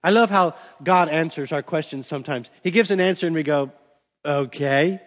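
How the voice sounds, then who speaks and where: A man's voice: fairly high pitch, a little fast, fairly bright tone. A male pastor preaching a sermon in an emphatic, conversational way, recorded dull with long hall reverb.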